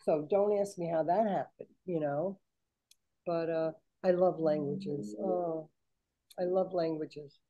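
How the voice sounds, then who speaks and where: Chatty older woman with a dark voice. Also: deep voice, slow pace, highs cut off. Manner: animated, chatty, acts out quoted voices. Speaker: guest. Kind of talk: casual storytelling chat.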